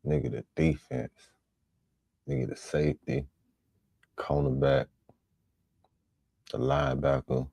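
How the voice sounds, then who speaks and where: Very deep, gravelly man. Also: steady tone, slow pace, pauses often, dark tone, dry recording. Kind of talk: casual reaction talk.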